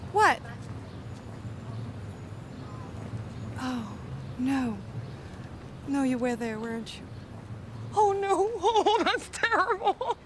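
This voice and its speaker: A high, light voice carries a wistful, teasing woman who pleads and frets. The film clip has clear street noise behind her. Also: slow. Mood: teasing, anxious. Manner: playful, anxious, pleading. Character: wistful, teasing French woman reunited with old love.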